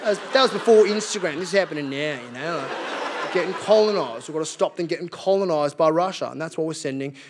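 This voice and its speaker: An Australian man performing a stand-up comedy set to a live theatre audience, lively and mocking, slipping in and out of voices. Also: fairly high pitch, fast talker. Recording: live theatre set with faint background noise.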